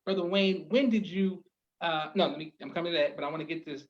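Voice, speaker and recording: Host, male, fairly high voice, courteous and affirming, slightly muffled recording. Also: quick pace. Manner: deferential, keeps saying yes sir. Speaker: podcast host. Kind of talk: interview.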